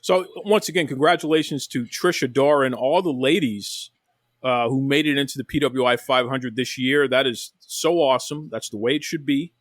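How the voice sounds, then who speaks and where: A man's voice: medium pitch, moderate pace, no echo, studio quality. A man hosting a casual wrestling podcast, talking with enthusiasm and often repeating phrases. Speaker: podcast host.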